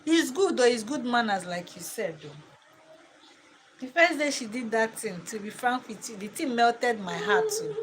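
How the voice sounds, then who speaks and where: A woman's voice: fairly high pitch, big pitch swings, moderate pace, low-quality recording. A woman chatting casually at home in her vlog, scolding her child between remarks. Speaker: vlogger. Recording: loud ambient noise.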